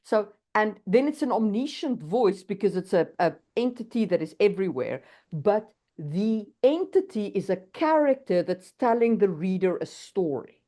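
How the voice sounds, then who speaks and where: A woman's voice: mid-range voice, very animated, moderate pace, few pauses, mellow. A woman co-hosting a podcast, explaining writing craft in a thoughtful, casual way and often checking in with "right?". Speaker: podcast co-host.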